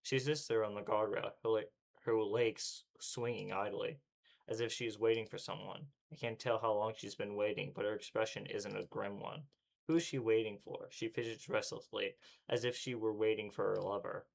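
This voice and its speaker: A man's voice: fairly low pitch, steady tone, normal speed, creaky. A male streamer reading a visual novel aloud with dramatic delivery, acting out panting and breathlessness.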